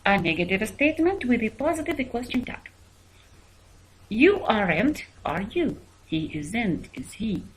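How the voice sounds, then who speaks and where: A woman teaching an English grammar lesson. Her pitch moves a great deal as she reads out example sentences, repeating them to drive each point home. Her delivery is clear and methodical, like a classroom teacher's. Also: big pitch swings, measured pace, poor audio. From Arab world.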